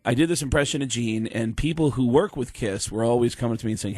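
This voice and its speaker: A man who is a comedian guest on a podcast, telling lively anecdotes and acting out the voices of people he quotes. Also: mid-range voice, fast, hardly any pauses, no echo. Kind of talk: podcast storytelling. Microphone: studio microphone.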